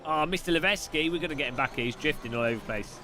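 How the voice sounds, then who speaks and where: A man's voice: on the high side, music in the background. A man hosting a live stream, chatting casually and joking while commenting on a race. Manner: chatty, jokey, quick asides and laughs.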